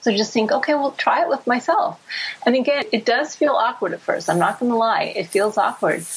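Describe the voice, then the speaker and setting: Guest psychologist, middle-aged woman, husky voice, animated explainer. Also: mid-range voice, low-quality recording. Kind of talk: podcast interview.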